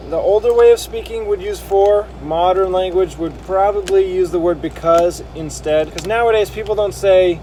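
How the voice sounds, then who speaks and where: A man's voice: high voice, dark tone, slight background noise, low-quality recording. A man thinking aloud as he combines Bible verses, reading passages and correcting himself as he goes. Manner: musing, self-correcting, reads verses aloud. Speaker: bible harmony editor. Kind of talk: thinking aloud while editing scripture.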